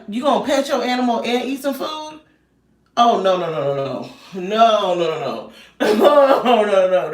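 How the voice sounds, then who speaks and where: A woman in her thirties telling a story in a loud, animated rant and laughing often. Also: mid-range voice. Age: 30s. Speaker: vlogger. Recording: roomy echo, distant mic.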